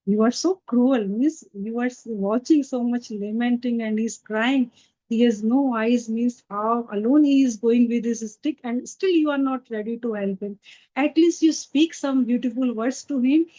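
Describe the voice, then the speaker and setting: A woman's voice: a little high, warm tone. A woman voicing Radha, a tender-hearted goddess, in an earnest, pleading storytelling tone. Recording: dull lo-fi recording.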